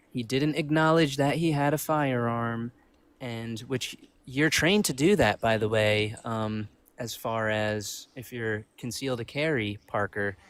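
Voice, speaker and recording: A man taking part as a guest in a livestream debate, speaking hesitantly and rambling. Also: medium pitch.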